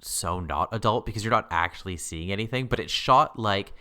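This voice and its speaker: A man co-hosting a podcast in casual chat, animated and laughing often, jumping high when he quotes himself. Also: fairly quick, smooth. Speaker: podcast co-host.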